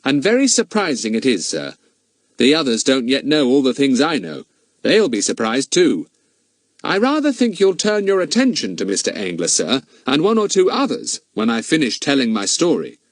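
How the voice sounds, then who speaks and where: A man's voice: medium pitch, huge pitch swings, normal speed, no room sound, pitched above the performer's own voice. A man voicing a confident, polite schoolboy detective, speaking seriously, in an audiobook reading.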